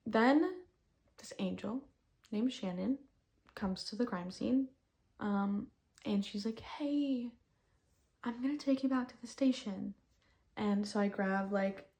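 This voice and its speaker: A young woman recounting a personal ordeal in casual storytelling, halting and full of fillers, often flat and subdued. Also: medium pitch.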